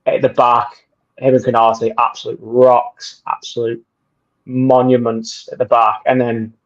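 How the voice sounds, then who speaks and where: A man's voice: medium pitch, little pitch movement, measured pace. A man co-hosting a football livestream, giving fluent and enthusiastic fan analysis. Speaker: livestream co-host. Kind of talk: casual football podcast chat. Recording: dull lo-fi mic.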